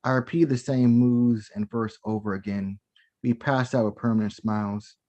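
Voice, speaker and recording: A man reading his spoken-word poetry aloud from home over a video call. His delivery is rhythmic and theatrical, settling into a lower, hushed tone when the verse turns sensual. His pitch sits in an ordinary middle range. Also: fairly even intonation, moderate pace, muffled recording. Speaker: performing poet.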